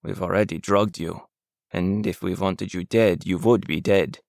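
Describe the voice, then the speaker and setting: A man doing a gravelly German captor. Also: steady tone, no room sound, studio quality. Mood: cold, menacing. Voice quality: deep, gravelly. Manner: quiet, cold, measured threats. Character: calm menacing German male captor.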